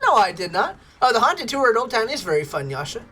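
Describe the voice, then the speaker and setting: A woman's voice: on the high side, big pitch swings, quick pace, a bit bright. A woman streaming a game, chatting casually and bubbly with her viewers and laughing often. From United States. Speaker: livestreamer. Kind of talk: casual chat with viewers while gaming.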